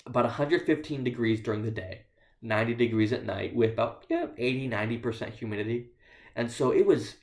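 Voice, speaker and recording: A man's voice: mid-range voice, vocal fry, a little mellow. Echoey male missionary telling stories. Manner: storytelling with dry self-deprecating humor. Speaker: missionary speaker. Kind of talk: missionary report in church. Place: church sanctuary. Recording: echoey church room.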